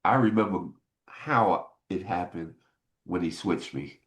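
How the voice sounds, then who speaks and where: A middle-aged man, a former football player, telling stories in a casual interview and getting animated as he recalls his frustrations. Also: measured pace. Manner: animated, jumps high in pitch when retelling frustration.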